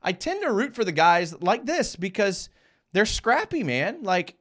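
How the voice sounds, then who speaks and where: A young man hosting a live fan show, giving casual football commentary over game film with animated, fired-up rants full of restarts. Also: high voice, measured pace.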